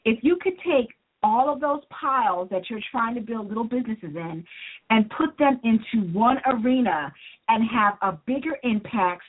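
Her voice is fairly high and husky as she speaks earnestly and motivationally, a business coach and author guesting on a talk-show interview. The audio has a tinny, phone-line quality.

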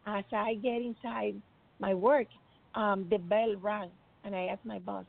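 Brief: earnest woman giving a faith testimony, gravelly voice, thin tinny dry sound. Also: mid-range voice, fairly even intonation, measured pace. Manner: earnest, emotional, acts out quoted voices. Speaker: speaker sharing a personal faith testimony. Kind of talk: emotional faith testimony storytelling.

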